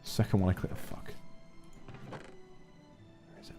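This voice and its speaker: A man streaming a game, chatting casually in a playful, theatrical way, moving between grand declarations and hushed asides. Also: extremely high pitch, huge pitch swings, measured pace, faint music behind. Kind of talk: casual gameplay stream chat.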